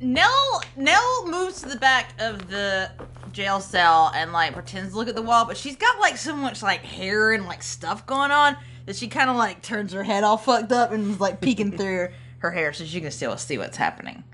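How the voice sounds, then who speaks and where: A woman's voice: mid-range voice, very animated, normal speed, pushed and bright, a little hiss or hum. A woman playing in a tabletop role-playing game, describing her character in a chatty way. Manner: chatty, many fillers. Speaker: player.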